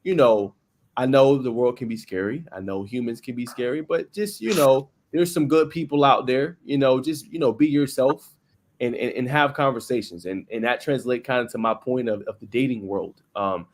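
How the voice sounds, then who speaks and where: Male podcast host, mid-pitched voice, playful and conversational, casual chat. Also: moderate pace, a little hiss or hum. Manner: playful, conversational, peppered with "you know what I'm saying".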